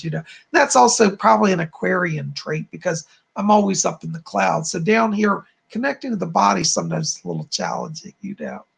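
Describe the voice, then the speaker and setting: Gravelly, husky-voiced male psychic host. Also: high voice. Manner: effusive, warmly chatty, thanks viewers often. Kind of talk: live-stream psychic chat.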